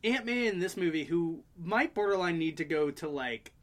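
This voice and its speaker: A woman co-hosting a casual podcast, recapping a movie and slipping into quick character impressions as she laughs along. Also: on the low side, expressive. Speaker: podcast co-host.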